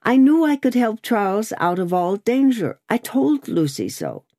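A woman reading the part of an elderly male doctor who is calm and bold, speaking in a cool, confident way in an audiobook. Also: a little high, unhurried, no room sound, clean studio sound, voice pushed up.

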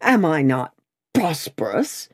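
A woman voicing a blustering, proud middle-aged male lawyer who speaks slowly and emphatically, as a character in an audiobook. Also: deep voice, very animated, dry recording, clean studio sound, exaggerated voice. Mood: indignant.

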